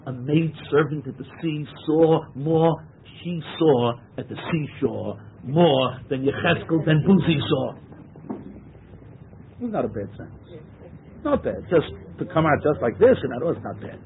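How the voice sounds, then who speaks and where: A man's voice: a little high, lively intonation, unhurried. A man teaching a Torah class, translating verses phrase by phrase and stressing key words. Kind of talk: text-study lecture. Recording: tinny phone-like lecture recording.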